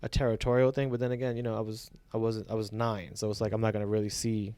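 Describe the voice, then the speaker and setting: A man, a teacher telling his story as a podcast guest in a relaxed, reflective way with many fillers. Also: on the low side, quick pace, smooth, no room sound. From Brooklyn, New York. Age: 40s. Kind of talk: casual conversational interview.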